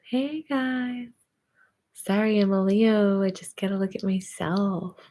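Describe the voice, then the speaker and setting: A woman's voice: medium pitch, steady tone, warm tone. A woman hosting her own vlog, giving herself and her viewers a chatty, emphatic pep talk while recording at her desk. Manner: chatty, self-talking pep talk, drawn-out emphatic words. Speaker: vlog host. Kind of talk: casual motivational vlog talk. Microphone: camera or computer mic at desk.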